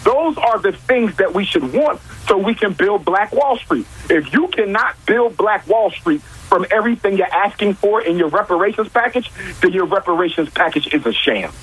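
High husky man arguing emphatically. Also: lively intonation, moderate pace, few pauses, fairly bright tone, poor audio. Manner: emphatic, repeats key points, rhetorical questions. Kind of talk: impassioned talk-show argument.

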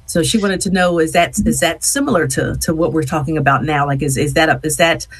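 A woman's voice: low-pitched, fairly quick, breathy edge. A woman hosting a radio talk show, chatting casually and informally with her guest in the studio. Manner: chatty, informal, uses y'all. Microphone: headphones on, studio mic.

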